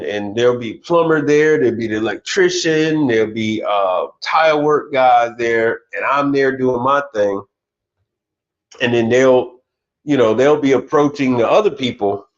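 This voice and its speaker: A man working as a commercial appliance technician, chatting casually on a livestream, telling stories animatedly and repeating words as he goes. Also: mid-range voice. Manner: animated storyteller, repeats words, laughs often. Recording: slightly dull audio, faint music.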